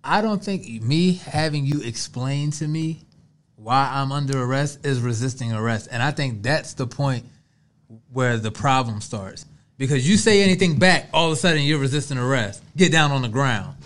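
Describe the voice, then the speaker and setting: Man in easygoing, drawn-out podcast talk. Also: medium pitch, animated. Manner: loose, conversational, drawn-out emphasis. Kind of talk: casual chat.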